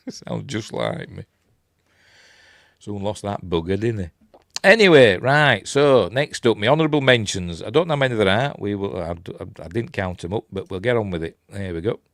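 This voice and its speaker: A man's voice: fairly low pitch, expressive, normal speed, a bit bright, no echo, clean studio sound. An older man from Yorkshire with a Yorkshire accent, chatting casually about films on his channel, rambling with lots of ums and self-deprecating asides. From Yorkshire, England. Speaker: channel host. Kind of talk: casual live-stream movie chat.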